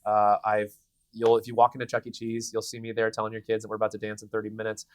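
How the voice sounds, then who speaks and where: A man in his thirties, a voice actor giving a convention interview, telling stories in an animated way with many restarts. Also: lowish voice, quick pace. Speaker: voice actor guest. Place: convention venue.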